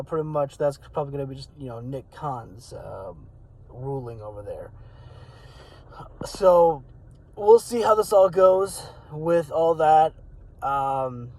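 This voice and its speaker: A man who hosts his own wrestling channel talks casually to the camera in a fairly high, darkish voice that cracks a little. He rambles with many fillers, and the audio is poor.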